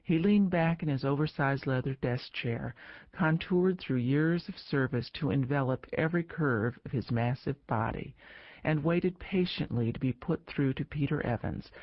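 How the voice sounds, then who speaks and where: A man reading a political thriller audiobook in steady narration. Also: fairly high pitch, moderate pace, no room sound, muffled recording.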